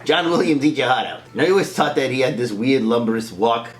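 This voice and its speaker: A man's voice: mid-range voice, fast talker, roomy sound. A man recapping a film as comedy, jumping into silly impressions and laughing at his own jokes. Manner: animated, mocking, laughs at own jokes, slips into voices.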